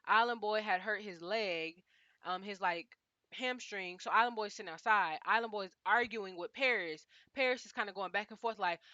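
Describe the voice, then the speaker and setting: A young woman recaps a reality show in an easy, slangy, animated way, often talking straight to the people she is discussing. Her voice is bright and forward. The recording is dry and close, with a slightly dull, lo-fi sound. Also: mid-range voice, a little fast, no echo. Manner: animated, chatty, slangy, frequently addresses cast members directly. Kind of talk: casual recap chat.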